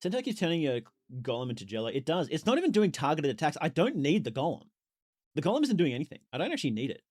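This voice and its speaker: A man streaming a video game, chatting casually with his chat, reacting loudly with exclamations and laughs. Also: fairly high pitch, sing-song, quick pace, no room sound, clean studio sound. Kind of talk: casual live game commentary.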